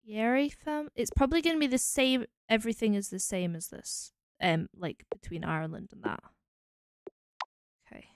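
A woman's voice: a little high, moderate pace, clear, resonant tone, no room sound, clean studio sound. A Scottish woman streaming a game, musing aloud as she tries out combinations. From Scotland. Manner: musing, trying combinations out loud. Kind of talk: casual thinking aloud while playing.

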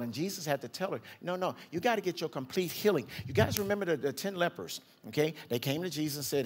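Male pastor, fairly high pitch, chatty sermon delivery with acted-out quotes. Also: expressive, fast talker, hardly any pauses, breathy edge. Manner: conversational preaching, acts out quotes with big pitch jumps.

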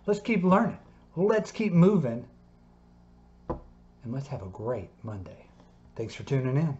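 A man coaching a home PE workout in his basement. He sounds upbeat and encouraging and ends most sentences with a quick "okay?" or "all right?". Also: mid-range voice, sing-song, warm tone. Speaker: PE teacher. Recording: echoey basement, slightly dull sound.

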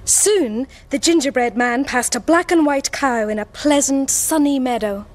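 A woman telling a children's story aloud in a lively, expressive way for a young audience. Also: high-pitched, unhurried.

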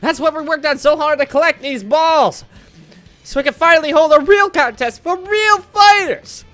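A man voicing an excitable young boy fighter in a high, shouty, eager way while dubbing a video game. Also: normal speed, soft background music.

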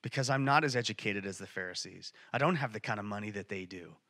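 A man's voice: on the low side, fast talker, pitched below the performer's own voice. A man preacher voicing a fearful, humble sinner who doubts he can be forgiven. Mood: anxious. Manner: anxious, hushed, self-doubting.

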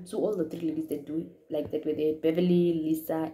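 A woman tells a casual storytime for her vlog in a slightly low, dark and mellow voice. She keeps it lively, strings repeated words together and slips into the voices of the people in her story. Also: moderate pace, few pauses, a little hiss or hum. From Namibia. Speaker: YouTuber.

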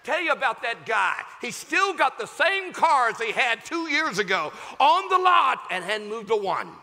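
A man preaching a sermon as a pastor, with a fervent, emphatic delivery that rises to shouts. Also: very high voice, big pitch swings, a little slow, big-room sound. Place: large church sanctuary.

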